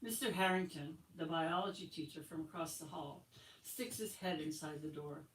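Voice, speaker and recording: A woman author reading her novel aloud at a bookstore event, expressive and light. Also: low-pitched, moderate pace. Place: bookstore, indoors. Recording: echoey room from far off, faint ambience.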